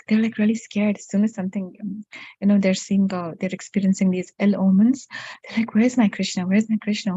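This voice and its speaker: A woman leads a devotional storytelling class, talking in a casual, searching way with frequent fillers and check-ins. Her voice is mellow and a little husky, with a fairly flat pitch. The recording is dry and dull, with a lo-fi sound. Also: no echo. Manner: conversational, searching for words, many fillers.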